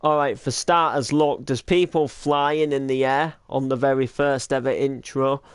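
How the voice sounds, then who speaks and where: A young British man chats his way through a reaction to his old videos, full of restarts and filler likes. His voice is smooth and sits at a middling pitch. The sound is dry and close, with no room around it. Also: fairly even intonation, moderate pace, no room sound, soft background music. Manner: rambling, lots of likes and restarts. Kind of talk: casual reaction commentary.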